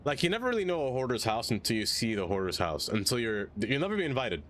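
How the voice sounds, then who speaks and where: A man's voice: medium pitch, sing-song, fast talker, fairly bright tone, slight background noise. A man streaming a city-building game, rambling casually to his viewers and getting sidetracked by chat. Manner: rambling, chatty, easily sidetracked.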